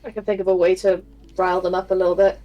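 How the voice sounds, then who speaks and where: A woman's voice: on the low side, little pitch movement, fast talker, highs cut off. A woman playing in a tabletop game, speaking casually and wryly as her character and as herself. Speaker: player.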